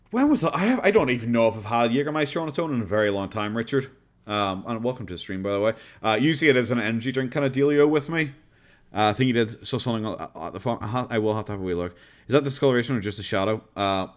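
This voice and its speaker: A man's voice: mid-range voice, expressive, fast. A man with an Irish accent chatting casually on a reaction stream, in an easygoing, rambling way.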